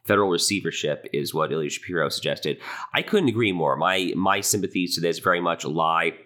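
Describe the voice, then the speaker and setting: Deep-voiced man, indignant opinion monologue. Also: a little fast, pushed and bright. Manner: indignant, impassioned. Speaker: podcast host.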